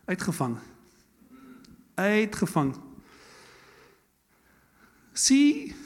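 A man preaching a sermon as pastor, chatty and animated, with laughing asides and quick rhetorical questions. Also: fairly high pitch, breathy edge. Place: church hall. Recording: long church hall reverb.

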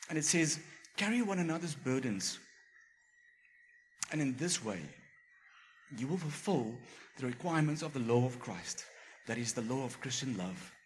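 A man's voice: medium pitch, lively intonation, normal speed, long pauses, a little hiss or hum. A man preaching a sermon, telling a personal story and acting out the voices he quotes. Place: church.

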